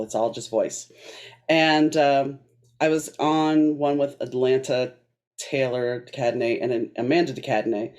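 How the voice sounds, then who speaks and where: Woman host, deep husky voice, easygoing and rambling, casual chat. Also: a little mellow. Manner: chatty and rambling, with fillers. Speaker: podcast host.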